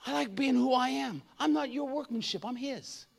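A man in his fifties preaching an energetic, comedic sermon, joking and acting out voices. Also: very high voice, moderate pace, vocal fry. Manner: animated, jokey, acts out voices, shouts at times.

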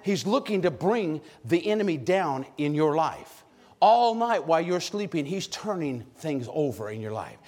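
A man preaching a sermon with lots of energy, calling out questions to the congregation and shouting at high points. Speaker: pastor. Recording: long hall reverb.

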